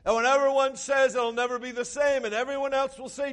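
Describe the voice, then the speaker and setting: A man preaching a sermon as pastor, swinging between quiet, low passages and loud, shouted lines. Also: steady tone, fairly quick, few pauses.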